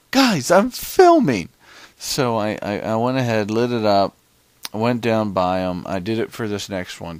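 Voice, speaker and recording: A man's voice: on the low side, clean tone, dry recording. A man casually narrating his gameplay in a chatty, rambling way.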